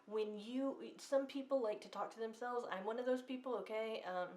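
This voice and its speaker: A woman in her thirties giving a casual tarot reading, gentle and reassuring, rambling with many ums and restarts. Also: a little high, normal speed. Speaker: tarot reader. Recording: roomy echo.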